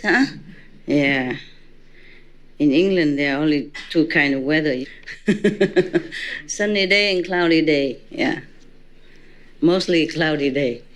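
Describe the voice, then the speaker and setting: A woman spiritual teacher giving an informal dharma talk to a gathering, chatty and teasing, laughing often. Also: fairly low pitch.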